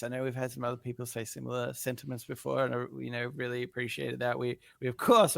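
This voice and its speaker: A man co-hosting a casual podcast, talking earnestly with halting restarts. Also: mid-range voice, vocal fry, fairly bright tone, no room sound, studio quality. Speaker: podcast co-host.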